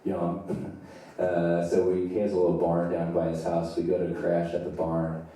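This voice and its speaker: A man's voice: low-pitched, monotone, moderate pace, warm tone. A young adult man doing live stand-up storytelling, loose and profane, laughing at his own tale on a theater stage. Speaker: stand-up comedian. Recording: echoey theater from far off.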